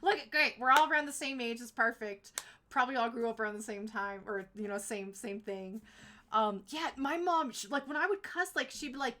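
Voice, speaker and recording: A young adult woman streaming live, chatting casually and rambling through stories with lots of "like" and quick laughs. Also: a little high, lively intonation, sharp tone.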